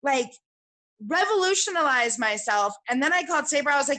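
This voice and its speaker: Young woman, chatty storyteller, bright higher voice. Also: moderate pace, rough recording. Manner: excitable, chatty, acts out both sides of conversations. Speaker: guest sharing sales story. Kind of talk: casual storytelling to a team call.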